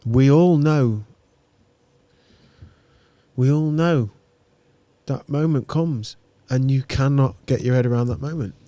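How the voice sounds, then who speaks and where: Mellow-voiced male podcast host. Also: mid-range voice, takes it slowly, pauses often, no room sound. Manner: sympathetic, finishes the guest's thoughts. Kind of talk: casual conversational interview.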